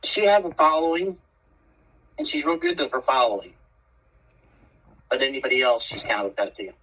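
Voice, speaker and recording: A man's voice: mid-range voice, a little fast, husky, far from the mic. A man in casual chat, telling blunt, profane stories. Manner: blunt, profane, lively storyteller. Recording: dull, muffled sound from off the mic.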